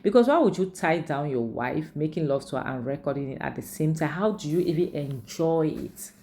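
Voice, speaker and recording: Woman, film recap vlogger, dark warm gravelly voice, faint background hiss. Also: deep voice, lively intonation, brisk. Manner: chatty, heavy use of "like" and "you know". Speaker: film reviewer. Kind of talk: casual movie recap and commentary.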